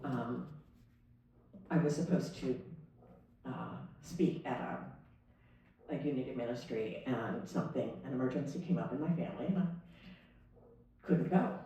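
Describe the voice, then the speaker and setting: Recorded from afar in the echoey church sanctuary, a woman minister with a bass voice delivers a sermon, speaking slowly and mellowly with long pauses. She shares a personal story in a conversational way, performing the dialogue.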